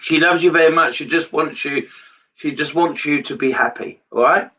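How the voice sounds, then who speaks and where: A man, a medium, speaks earnestly in a fairly high voice. He rambles and restarts his sentences. The sound is muffled and a bit distant from the mic. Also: moderate pace, sharp tone, a little hiss or hum. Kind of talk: live mediumship reading.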